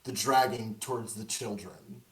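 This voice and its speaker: A game master narrating a horror tabletop game in a slow, drawn-out, suspenseful way. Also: medium pitch, roomy sound, low-quality recording.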